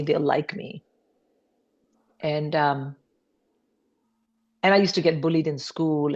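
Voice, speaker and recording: A low-pitched middle-aged woman talks as a comedy podcast guest. She tells family stories with animation and casual swearing, slipping into her relatives' voices. The sound is a bit dull and lo-fi. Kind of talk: podcast interview storytelling.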